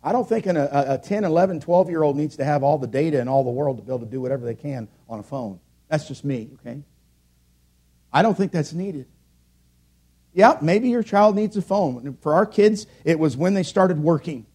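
A middle-aged man preaching a sermon in a church, earnest, rising to loud emphatic peaks and then dropping low. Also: animated, fairly quick, slightly rough. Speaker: pastor.

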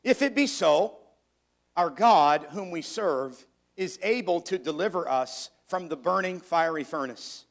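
A man with a high, gravelly voice delivers a sermon. He reads scripture in an old-fashioned cadence and slows down to drive home the words he wants stressed. Between readings he explains with repetitions and restarts. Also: animated. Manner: reads scripture in archaic cadence, slowing for emphasis; repeats words and restarts as he builds points. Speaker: preacher.

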